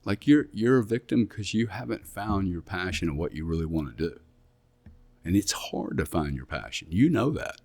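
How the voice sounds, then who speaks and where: Very deep-voiced blunt Englishman. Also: lively intonation, moderate pace, vocal fry, a little mellow. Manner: blunt, emphatic, repeats himself. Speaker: guest. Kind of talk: casual interview talk.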